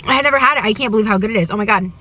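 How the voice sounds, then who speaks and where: Bright-voiced woman chatting in a car. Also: medium pitch, very fast, a little hiss or hum. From United States. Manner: chatty, gushing, talks with her mouth full. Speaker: travel vlogger. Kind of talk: casual chat to camera while eating. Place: inside a parked car. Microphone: camera.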